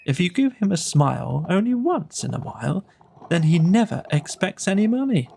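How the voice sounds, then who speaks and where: A man gently reading children's poems aloud with a rhythmic lilt. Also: high voice, very animated, moderate pace, gravelly, slightly rough. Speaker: storyteller.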